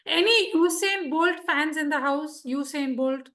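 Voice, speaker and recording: Female speaking coach, high and animated, audience quizzing. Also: measured pace. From India. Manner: lively, quizzes the audience, acts out examples. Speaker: public speaking trainer. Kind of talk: interactive workshop lesson. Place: club meeting room.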